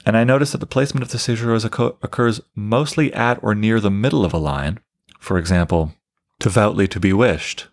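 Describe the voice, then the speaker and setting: A man's voice: on the low side, quick pace. A man giving a methodical, explanatory lecture on poetic meter as a literature teacher. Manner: methodical, explanatory, counts things out loud.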